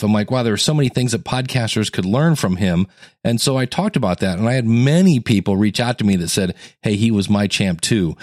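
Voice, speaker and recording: Low-voiced man coaching podcasters. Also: darkish tone, no room sound, clean studio sound. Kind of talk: solo educational podcast monologue.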